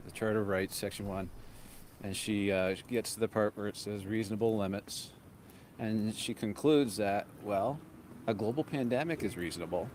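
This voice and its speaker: A man hosting a walk-and-talk livestream outdoors, holding a handheld mic as he walks. He sounds a little out of breath from walking and keeps his chat casual, reading viewer comments aloud. Faint street noise sits behind his voice. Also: lowish voice. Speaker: livestream host. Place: outdoors on a street in cold weather. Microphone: handheld microphone.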